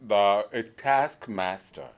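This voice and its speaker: Slow, halting low-voiced man speaking at a conference. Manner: halting, searching for words, warmly humorous. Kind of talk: informal conference speech.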